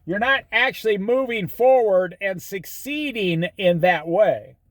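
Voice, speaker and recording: A man's voice: high-pitched, animated, measured pace, no room sound. A middle-aged man giving folksy, preachy life and money advice, telling stories as he goes. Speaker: host. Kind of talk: casual monologue.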